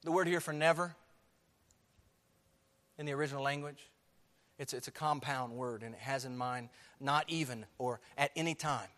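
A man preaching a sermon to his church, emphatic, swinging from soft to loud. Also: mid-range voice, normal speed, pauses often, big-room sound. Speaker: pastor. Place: church sanctuary.

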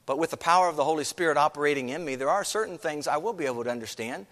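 A man's voice: a little high, rapid-fire, fairly bright tone, long reverb tail. A man preaching a sermon as pastor, earnest, with many rhetorical questions.

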